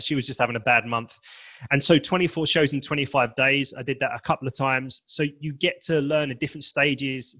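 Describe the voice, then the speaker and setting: With a mid-range, fairly bright voice, a man takes part in an animated podcast interview as a guest confidence and presentation coach. He speaks emphatically and acts out snippets of inner dialogue.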